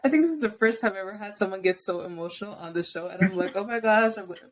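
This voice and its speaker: A woman's voice: medium pitch, lively intonation, rapid-fire. A young adult woman hosting a podcast interview, upbeat and encouraging with her guest. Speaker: podcast host.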